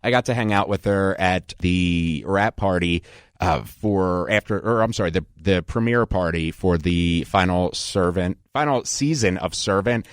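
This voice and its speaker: A man hosting a pop culture podcast, chatty and quick to laugh, often restarting his sentences. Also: sits low, clear, resonant tone, no echo, clean studio sound. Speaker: podcast host. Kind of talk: casual interview.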